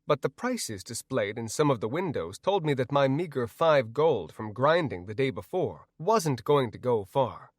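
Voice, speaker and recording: A man narrating an audiobook in the first person, with expressive storytelling. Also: mid-range voice, normal speed, few pauses, no echo, studio quality.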